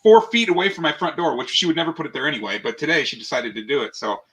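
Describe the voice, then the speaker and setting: A man chatting as a livestream guest, telling animated run-on stories. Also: fairly high pitch, rapid-fire, poor audio. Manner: animated storytelling, run-on complaints. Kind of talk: casual livestream chat.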